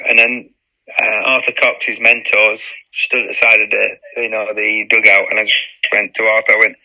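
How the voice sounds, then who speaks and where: Forceful, animated male storyteller. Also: fairly low pitch, normal speed, vocal fry, low-quality recording. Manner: lively storyteller who acts out quotes and swears freely. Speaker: former footballer and interview guest. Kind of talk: anecdote-telling interview chat.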